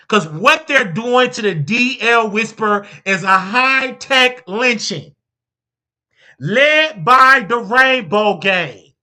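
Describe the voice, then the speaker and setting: A man's voice: high voice, animated, takes it slowly, sharp tone. A man hosting a show, delivering a heated, theatrical comedic rant full of stammered outrage and asides to a sidekick. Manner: addresses a sidekick and the audience. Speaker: show host.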